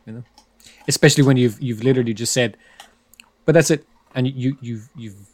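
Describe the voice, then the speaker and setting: A man co-hosting a casual film chat, blunt and given to trailing off into quiet mutters. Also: medium pitch, fairly even intonation, fast, dry recording. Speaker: podcast co-host. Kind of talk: casual chat about films.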